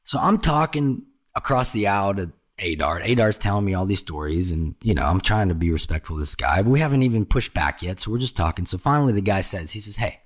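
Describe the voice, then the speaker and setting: A man telling golf trip stories in casual chat, lively and swearing freely, often acting out the people he quotes. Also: lowish voice, fast, few pauses. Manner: animated, jumps into quoted voices, swears freely.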